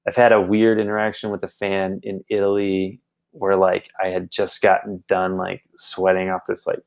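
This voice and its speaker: A man's voice: deep voice, completely flat delivery, moderate pace, gravelly, darkish tone. A young man, a touring musician, telling a story in casual chat, full of "like" fillers. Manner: rambling, lots of "like". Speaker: touring musician, podcast guest.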